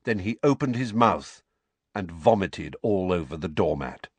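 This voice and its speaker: A man narrating an audiobook in an expressive storytelling manner. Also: low-pitched, unhurried, slightly rough, no room sound. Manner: expressive, lively. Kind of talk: scripted narration.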